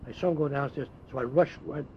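An older man, a former ballplayer, telling animated anecdotes in an interview, with frequent restarts. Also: mid-range voice, quick pace. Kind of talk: storytelling interview. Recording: dull lo-fi tape with faint hiss.

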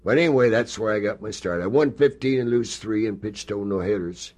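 Interviewed for an oral history, an older ex-ballplayer wanders through folksy tales packed with fillers. He talks fairly quickly in a lowish, slightly mellow voice.

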